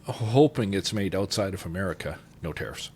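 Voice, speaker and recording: A man's voice: deep voice, lively intonation, normal speed, husky. A man from Canada co-hosting a livestream, reading out viewer questions in an easygoing, often laughing way. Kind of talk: casual livestream Q&A chat.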